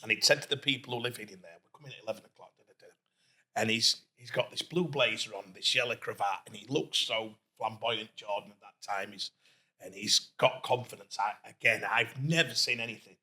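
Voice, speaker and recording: A man from Doncaster with a Yorkshire accent, a guest entrepreneur telling lively stories in a casual interview and acting out what people said. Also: on the low side, a little fast. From Doncaster, England. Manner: lively storyteller who acts out quoted speech.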